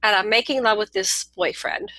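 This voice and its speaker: An older woman telling a long personal story as an interview guest, lively and animated with laughs, restarts and quick asides. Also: medium pitch, dry recording, low-quality recording. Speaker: interview guest recounting experiences.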